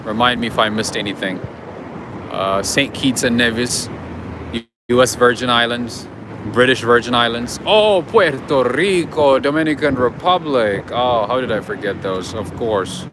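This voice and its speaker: A man hosts a casual livestream outdoors on a city street, chatting with viewers and greeting them by name as traffic passes in the background. His mid-range voice moves at a moderate pace.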